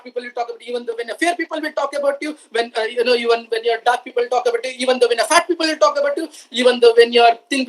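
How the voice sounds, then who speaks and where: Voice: medium pitch, fairly bright tone, low-quality recording. A motivational speaker addresses a room of students. The talk moves in emphatic, repeated phrases, with frequent questions thrown at the listeners. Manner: emphatic, repeats lines for effect, asks the audience questions.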